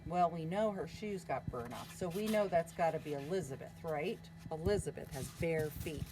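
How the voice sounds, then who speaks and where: A woman teacher reading a picture book aloud to children, stopping to ask them questions in an expressive way. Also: sits low, normal speed, noisy background.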